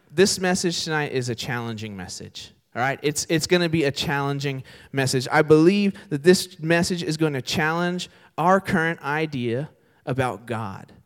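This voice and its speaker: A man's voice: on the high side, lively intonation, normal speed. A young man preaching a sermon to a live audience, telling a story in a casual, chatty way and often checking in with the crowd. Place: church service before an audience.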